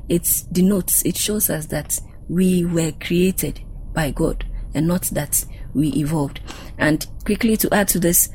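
A woman's voice: on the low side, a little mellow, a little hiss or hum, low-quality recording. A woman with a Ghanaian accent, a panelist explaining scripture and language with examples. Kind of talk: panel discussion on Bible study.

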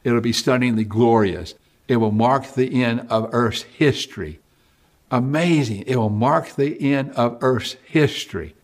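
Man, preacher, sermon, scripture reading, excited, loud-then-hushed, middle pitch. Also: measured pace.

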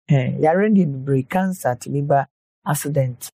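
A man explains health matters in an easy, chatty way, stopping and restarting his sentences as he goes. His voice sits a bit high but sounds mellow and dark. The recording is close and dry. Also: moderate pace, vocal fry, no echo. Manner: explains at length, with many hesitant restarts. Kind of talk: casual health chat.

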